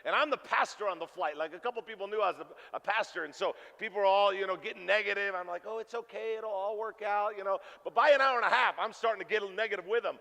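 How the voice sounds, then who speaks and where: A pastor preaching a sermon, telling a funny story in an animated way and acting out the dialogue. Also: male voice, high-pitched, fast talker, gravelly, few pauses. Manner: animated, jokey, acts out dialogue. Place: church sanctuary. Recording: reverberant church hall.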